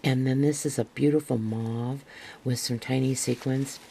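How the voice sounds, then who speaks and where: An older woman with a gravelly voice, a craft vlogger chatting to camera as she unpacks a parcel, gushing and rambling with restarts, sometimes dropping to a near-whisper. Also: very deep voice, fairly even intonation, moderate pace, warm tone, slight background noise, rough recording. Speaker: craft vlogger showing a haul. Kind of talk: casual show-and-tell to camera.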